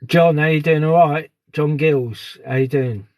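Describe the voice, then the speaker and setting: Guy on a phone live stream outside at dusk, keeps saying hi to viewers, slightly high voice, dry sound. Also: measured pace, no echo. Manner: chatty, keeps greeting viewers by name. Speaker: live streamer on a sky watch. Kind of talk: casual live stream chat. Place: outdoors at dusk.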